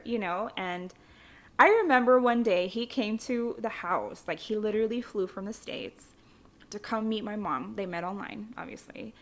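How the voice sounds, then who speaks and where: A woman's voice: medium pitch, moderate pace. A young woman from the Philippines telling her childhood story in a candid, chatty way, with frequent fillers and casual swearing. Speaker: vlogger.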